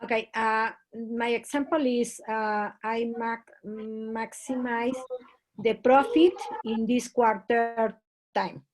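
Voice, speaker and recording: Slow, hesitant woman. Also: fairly high pitch, flat delivery. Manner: hesitant, searching for words. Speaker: student. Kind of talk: online English class.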